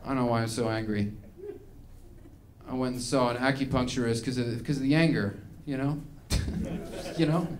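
A man's voice: medium pitch, steady tone, moderate pace, slight background noise. A man performing a live stand-up set in a small venue, ranting and rambling with plenty of profanity. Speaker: stand-up comedian.

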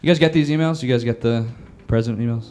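A man performing a stand-up comedy set on a club stage, animated and bursting into loud shouting bits. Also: mid-range voice, quick pace. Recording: live club recording with loud crowd noise. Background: loud audience laughter.

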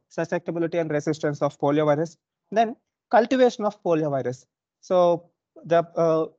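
A young man with an Indian English accent lectures online, explaining point by point with many "uh"s and calls to his students. His tone is mellow and soft-edged. The recording is dry and dull, like a modest lo-fi mic. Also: sits high, no room sound. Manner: explanatory, frequent "uh" and "so", checks on students. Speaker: university lecturer.

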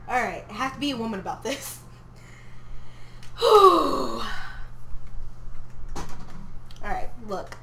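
A woman's voice: fairly high pitch, lively intonation, a little slow, pauses often, a bit bright, slight background noise. A young woman streaming a life-simulation game from her home office, chatting to her character and the viewers, sometimes from across the room, away from her desk mic. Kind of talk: casual gameplay commentary. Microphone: desk mic, heard from across the room.

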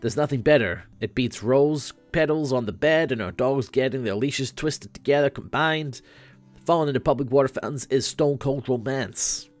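A man voicing a laid-back, rambling floating teenage boy who acts as a self-aware game guide, a bit higher and louder than his own voice. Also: moderate pace, soft background music, lightly acted.

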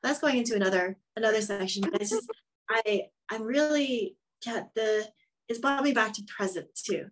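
A woman's voice: a little high, normal speed, a little hiss or hum, rough recording. A woman talking as a podcast guest in a reflective, rambling way, with many fillers and restarts. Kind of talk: casual conversation.

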